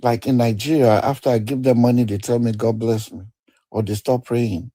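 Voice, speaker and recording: A man's voice: medium pitch, fairly even intonation, a little fast, warm tone, dry recording. A man on a live debate stream, speaking in an indignant, repetitive, rambling way.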